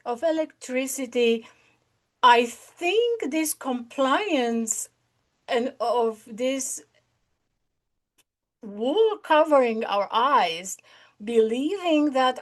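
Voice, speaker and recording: Slow, earnest woman preaching a warning. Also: high voice. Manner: earnest, urgent exhortation with repeated phrases. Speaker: host of an online prophecy channel. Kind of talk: online prophetic sermon.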